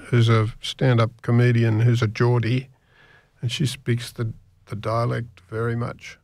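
Male radio presenter, slow and rambling, gravelly and creaky, close dry studio sound, chatty between tracks. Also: mid-range voice, no echo. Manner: slow, meandering, with many restarts. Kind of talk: casual rambling radio chat.

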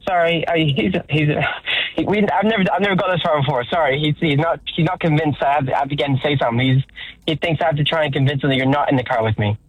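Flustered fast-talking male caller. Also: a little high, husky, dry recording, rough recording. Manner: flustered, stumbling.

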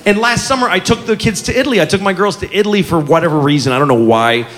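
A stand-up comedian in his forties telling a story, swearing and shouting punchlines. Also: high voice, expressive, fast talker, long reverb tail. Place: comedy club stage before a laughing audience. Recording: live club with crowd noise.

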